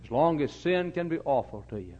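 A man preaching a fiery sermon in a church, telling folksy stories and acting out voices, his delivery swinging between quiet asides and loud, lively bursts. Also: on the high side, brisk. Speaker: pastor. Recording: slightly dull sound.

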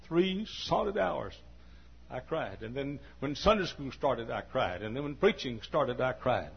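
A man preaching a sermon as pastor, dropping to quiet confiding talk and rising to shouted peaks. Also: medium pitch, lively intonation, unhurried, vocal fry, breathy edge. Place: church. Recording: dull lo-fi recording.

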